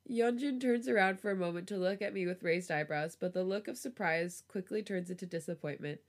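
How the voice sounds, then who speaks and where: A woman reading a romance story aloud on a podcast, with a relaxed storytelling voice. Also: lowish voice, fairly quick. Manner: laughs often, giggly reactions. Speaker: podcast host reading fan fiction aloud.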